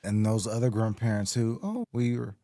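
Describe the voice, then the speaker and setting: A man co-hosting a podcast, adding short, low-key comments. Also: normal speed, warm tone, no room sound, studio quality. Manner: brief, low-key interjections. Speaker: podcast co-host. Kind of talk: casual chat.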